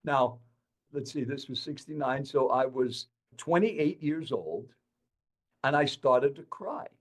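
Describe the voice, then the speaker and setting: A man in his eighties telling his life story to an interviewer in an animated, dramatic way. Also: medium pitch, takes it slowly. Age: 80s. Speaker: guest speaker.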